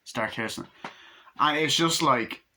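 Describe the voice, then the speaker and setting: An excitable young man in his twenties rattles through a film recap, swearing freely and rambling from scene to scene. His voice is bright and forceful at an ordinary pitch for a man. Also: slow pace, a little hiss or hum. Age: 20s. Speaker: movie reviewer.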